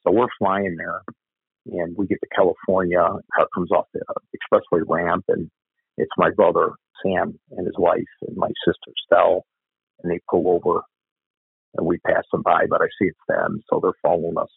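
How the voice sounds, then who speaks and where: A man's voice: low-pitched, level tone, normal speed, gravelly, breathy edge, no room sound. An older man, a former cop telling a story bluntly, with some swearing. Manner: blunt, profane. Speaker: retired police officer. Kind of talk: storytelling interview. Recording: tinny phone-like line.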